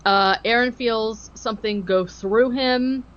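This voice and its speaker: A woman's voice: a little high, takes it slowly. A woman hosts a casual podcast, recapping a ghost-hunting show with dry sarcasm. She slips into mocking impressions now and then. The audio is a touch dull and lo-fi. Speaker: podcast host.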